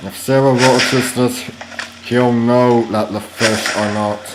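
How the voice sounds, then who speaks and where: A man rambling through casual gameplay commentary, chatty and wandering, with sudden loud playful yells during fights. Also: medium pitch, steady tone, takes it slowly, background noise. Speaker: gaming video host.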